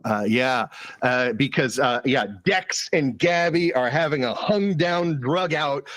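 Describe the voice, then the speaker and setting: A man narrating a tabletop role-playing game as game master, halting with many fillers and repeated words. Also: mid-range voice, a bit bright, dry recording.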